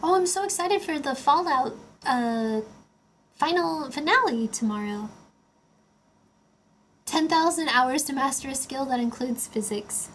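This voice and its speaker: Chatty high-voiced young woman streamer. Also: normal speed, few pauses, slight background noise. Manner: rambling, chatty, heavy on filler words. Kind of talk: casual livestream chat.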